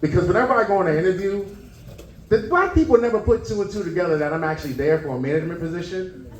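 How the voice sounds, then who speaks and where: On a comedy club stage before a live audience, a man performs stand-up, telling stories and acting out the people in them in a high-pitched, animated, very fast voice that's a little mellow. The recording is roomy, distant and muffled, with a little hiss or hum and crowd laughter.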